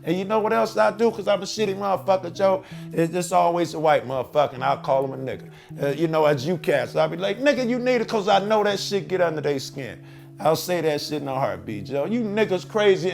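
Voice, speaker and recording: Guy, gravelly voice, swearing a lot, animated interview stories, music in the back. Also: on the high side, fairly quick. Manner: profane, animated storytelling with Chicago slang. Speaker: interviewee, cop watcher. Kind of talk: casual interview talk.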